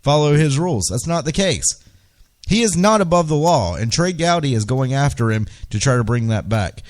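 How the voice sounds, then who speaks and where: A man's voice: medium pitch, lively intonation, normal speed. A man hosting a political talk radio show, ranting with indignation and firing off rhetorical questions.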